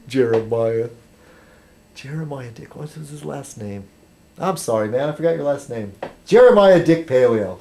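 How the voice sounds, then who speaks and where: A man's voice: mid-range voice, a little mellow. A man rambling casually on a webcam vlog, chatty and full of ums and restarts. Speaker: video blogger.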